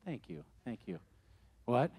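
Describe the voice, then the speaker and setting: A man in his late forties preaching to young people, telling stories in an animated way and repeating key phrases. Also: medium pitch, a little slow, slightly rough. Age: 40s. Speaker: youth pastor. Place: room with a live audience.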